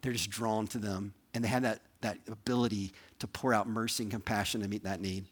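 A man's voice: on the low side, fairly even intonation, fairly quick. A male pastor delivering a sermon in an earnest, conversational way, pleading with listeners and checking in with "right?" and "okay?".

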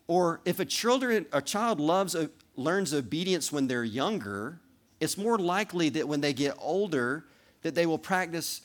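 A man preaching a sermon, speaking directly to the children in the congregation and acting out little role-plays. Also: on the high side. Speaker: pastor.

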